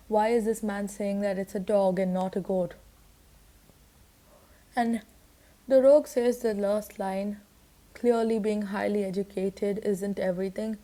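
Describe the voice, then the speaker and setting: A woman reading a children's story aloud and patiently explaining it, pausing to clarify words, with a few fillers. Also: mid-range voice, warm tone. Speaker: storyteller and teacher.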